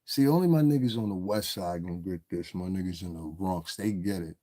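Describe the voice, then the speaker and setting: A man's voice: low-pitched, fairly quick, warm tone, no echo, clean studio sound. A man hosting a casual livestream, reading his chat aloud and ranting back at the trolls in a confrontational, profane, rambling way. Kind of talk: casual live-stream rant.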